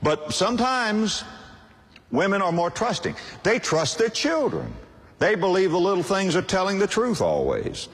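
A man's voice: high-pitched, sing-song, a little slow, a bit bright. An older man preaching a sermon in an emphatic, repetitive cadence. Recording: long hall reverb.

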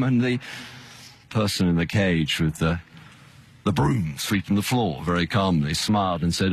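Slow, earnest preaching man. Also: sits low, slightly rough. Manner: earnest, emphatic, repetitive cadence. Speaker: pastor. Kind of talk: sermon.

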